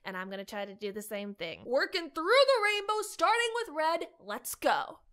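Bubbly high-voiced woman vlogger. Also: moderate pace. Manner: bubbly and energetic. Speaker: voice impressions vlogger. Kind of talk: casual vlog intro.

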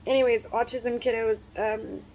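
A woman's voice: fairly high pitch, little pitch movement, moderate pace, a little mellow, a little hiss or hum. Chatty young woman vlogging, rambling. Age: 20s. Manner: rambling, chatty, with frequent fillers and laughs. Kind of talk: casual chat to camera.

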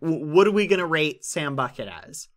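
A man's voice: on the high side, sing-song, moderate pace, fairly bright tone. A man streaming a game, arguing in comedic in-character role-play with an indignant, insistent, dramatic manner.

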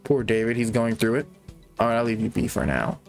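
Gaming host, male, reads the game's dialogue aloud at an average pitch and drops in his own asides, with faint game music behind him. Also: lively intonation, a little fast, vocal fry. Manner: reads character lines aloud, breaking off to comment and laugh.

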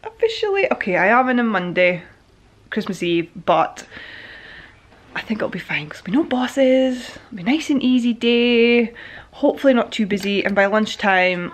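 A woman's voice: medium pitch, lively intonation, a little fast. A woman chatting casually to camera at home, rambling on about her plans for the day. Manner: chatty, rambling, drifts between plans and baby talk. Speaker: vlogger and first-time mum. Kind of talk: casual vlog chat to camera. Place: at home indoors.

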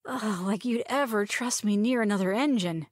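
A woman's voice: fairly high pitch, expressive, no room sound, studio quality, voice pushed up. A teasing, witty young woman, voiced by a woman reader. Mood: playful. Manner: teasing, quick-witted.

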